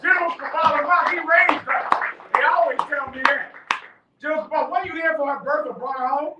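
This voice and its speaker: A man leading a live class, preaching emphatically, dropping quiet then shouting. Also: very high voice, brisk, lo-fi sound, heavy background noise. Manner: emphatic, swings from quiet to shouting, laughs and swears. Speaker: class leader. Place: live meeting room. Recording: echoey room from far off.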